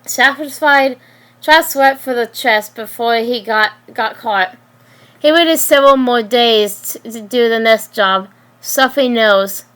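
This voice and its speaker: High-voiced woman reading a story slowly. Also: a bit bright. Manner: halting reading with frequent restarts and slips.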